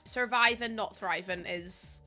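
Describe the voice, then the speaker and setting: Northern Irish woman streamer, young, bright upbeat voice, chatty and self-deprecating, faint background music. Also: mid-range voice, measured pace. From Northern Ireland. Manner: chatty and self-mocking, laughing often, reading chat aloud. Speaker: live streamer. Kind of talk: casual live-stream chat while building in a game.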